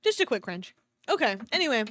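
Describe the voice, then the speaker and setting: A woman streamer reads a fan story aloud and mocks it with sarcastic asides, swearing freely and laughing often. Her voice sits fairly high and leaps around a lot. The sound is dry and close on a desk mic. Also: very animated, brisk, fairly bright tone, no room sound. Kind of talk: reading a fan story aloud with mocking commentary.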